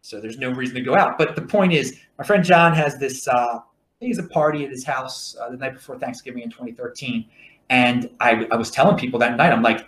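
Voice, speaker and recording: A podcast host with a Baltimore accent speaks at medium pitch and a slightly quick clip in an echoey room. He rambles animatedly through stories, restarting his sentences over and over and tossing in jokey asides.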